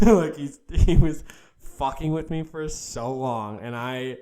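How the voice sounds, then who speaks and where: A man's voice: mid-range voice, slow, warm tone. A young man, co-hosting a podcast and telling a funny story in casual chat, laughing often. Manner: laughing storyteller, mimics a kid. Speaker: podcast co-host.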